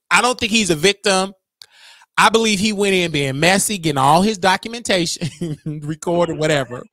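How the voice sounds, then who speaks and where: A young man hosting a casual livestream, talking in an animated, gossipy way and laughing often. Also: high-pitched, no room sound. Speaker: show host.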